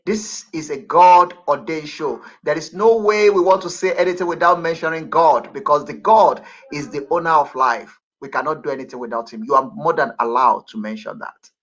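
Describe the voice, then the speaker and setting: A man hosting a talk show in a slightly high voice, responding in an affirming, encouraging way. The audio sounds dull and lo-fi, with the top end muffled. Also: brisk, hardly any pauses, fairly bright tone. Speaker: host. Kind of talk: casual talk show chat.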